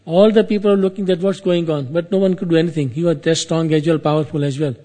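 A man with a slightly high, mellow voice and steady tone retells an epic tale in a casual storytelling style. His phrasing is loose and halting, full of repeats and asides to the listener.

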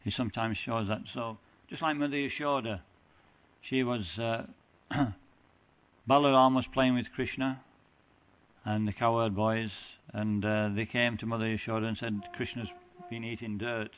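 A man giving a devotional lecture, talking haltingly with frequent restarts and self-corrections. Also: mid-range voice, steady tone, fairly bright tone, clear, resonant tone. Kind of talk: devotional lecture with scripture reading.

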